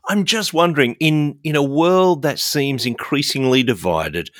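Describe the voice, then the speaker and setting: A man hosting an interview, asking his guest long, thoughtful questions in a measured way. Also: medium pitch, expressive, no room sound, studio quality. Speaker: interviewer, host.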